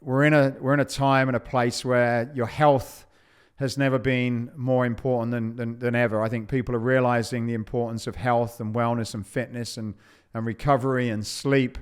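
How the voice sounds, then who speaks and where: Man, podcast host, reflective, halting repeats, smooth clear voice. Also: medium pitch, flat delivery.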